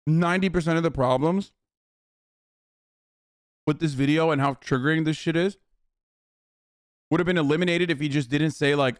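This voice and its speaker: A man's voice: a little high, moderate pace, long pauses, dry recording, studio quality. A man streaming a video reaction, ranting heatedly and swearing constantly, often calling the viewer "dude". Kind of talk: profane ranting commentary.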